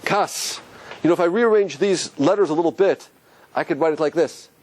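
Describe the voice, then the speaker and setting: The rough recording carries a little hiss or hum as a rabbi teaches a religious class at a moderate pace. He's animated, asks his listeners questions, and swings his pitch up and down through this lively lecture.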